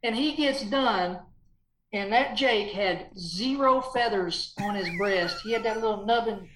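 Man, casual storytelling, lively quotes, echoey room. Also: high-pitched, unhurried, noisy background. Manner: lively, chatty, acts out quotes with raised voice. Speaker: guest.

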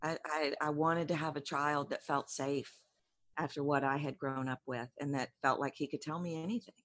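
A woman's voice: sits low, steady tone, moderate pace, a bit bright, no echo. A woman speaking as a guest coach in an interview, earnest and encouraging, sometimes repeating words as she gathers her thoughts. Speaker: voice and communication coach. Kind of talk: conversational interview.

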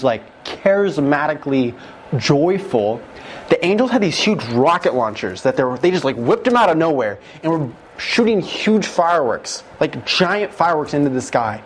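A man giving an emotional testimony as a guest, retelling it with excited, animated emphasis that jumps up at key moments. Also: mid-range voice, slight background noise.

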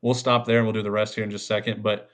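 A man's voice: lowish voice, little pitch movement, rapid-fire, a bit bright. A man hosting a sports podcast, talking loosely with lots of fillers and easy laughs. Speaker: podcast host. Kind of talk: casual sports chat.

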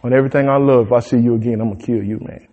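A man voicing an angry Pharaoh who talks low and menacing, like a street gangster. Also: fairly even intonation, very fast, mellow, close to an everyday voice. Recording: dull sound in a reverberant hall.

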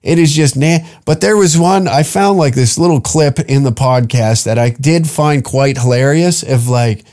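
A man's voice: medium pitch, normal speed, few pauses, a little mellow. A man hosting a comedy podcast, ranting in an exasperated, profane way. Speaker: podcast host.

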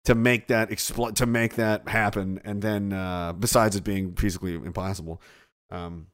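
A man's voice: on the low side, fairly even intonation, normal speed. A man, streaming and reading chat aloud in casual, sarcastic, profane rambling. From Canada.

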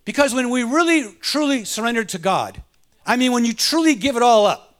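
A man's voice: extremely high pitch, expressive, brisk, fairly bright tone. A male pastor preaching a sermon and telling a personal story, fervent and calling out to the congregation. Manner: fervent, punctuates with call-outs to the congregation.

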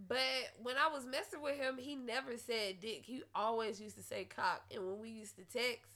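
A woman's voice: fairly high pitch, moderate pace, a bit bright. A woman author as a podcast guest, bubbly and blunt, laughing as she chats. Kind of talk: casual chat.

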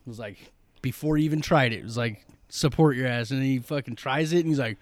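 A man guest on a casual podcast, talking in a laid-back, halting way. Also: medium pitch, dry recording. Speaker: guest, small business owner. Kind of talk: casual chat.

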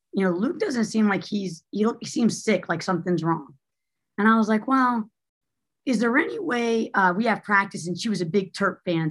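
A woman's voice: medium pitch, a bit bright. A woman telling a personal story as an interview guest, candid and chatty with lots of fillers. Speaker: guest, former basketball coach.

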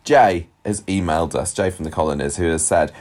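A man's voice: deep voice, a little mellow. A man co-hosting a podcast, bantering and joking in casual chat. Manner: jokey, quick banter. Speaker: podcast co-host.

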